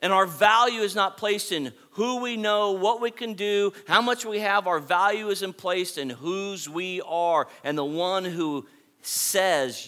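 A man's voice: high voice, measured pace, sharp tone. A man preaching a sermon to his congregation, emphatic and repetitive, building points through repeated phrases. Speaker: pastor.

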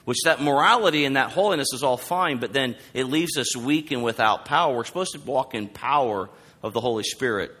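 A man preaching a sermon, animated, acting out quoted lines as he goes. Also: a little fast, breathy edge. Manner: animated, acts out quoted lines with rising pitch. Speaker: pastor. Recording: long hall reverb.

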